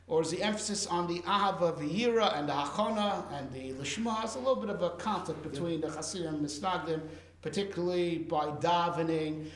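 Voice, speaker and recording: A man's voice: high-pitched, reverberant. A man, a rabbi, teaching a Torah class and explaining with rhetorical questions and lots of fillers.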